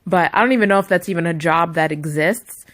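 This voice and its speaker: A woman's voice: lowish voice, fast, a bit bright. A young adult woman vlogging, telling a story in a chatty, indignant way full of asides. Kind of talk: casual storytelling to camera.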